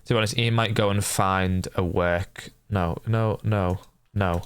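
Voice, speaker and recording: A young man casually chatting with his stream viewers while playing a game, often swearing and yelling at the characters on screen. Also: on the low side, fairly even intonation, unhurried, clean tone, no room sound. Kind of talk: casual gameplay chat with viewers.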